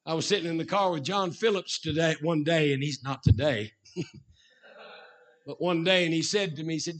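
A middle-aged Baptist preacher delivers a sermon at a normal speed, swinging between shouted emphasis and quiet, low asides.

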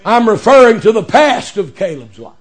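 High-voiced preacher man, shouting cadence. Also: very animated, normal speed, breathy edge. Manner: rising to shouted emphasis, folksy preacher cadence. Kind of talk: sermon.

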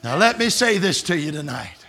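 A man preaching a revival sermon at a camp meeting, swinging from hushed pleading to shouted exclamations. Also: on the high side, very animated, a little fast, a crowd in the background.

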